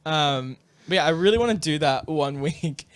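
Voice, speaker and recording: A man with a clear, resonant voice on the high side speaks at a moderate pace. Co-hosting a podcast in a studio, he chats casually as an animated storyteller, acting out funny bits and laughing often.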